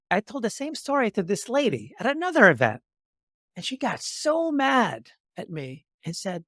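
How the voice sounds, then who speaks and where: A talk show host with a very high voice speaks fairly quickly in a clean, echo-free studio recording. As a podcast host, he tells animated stories, acting out both sides of remembered dialogues with lively shifts and leaning on motivational metaphors.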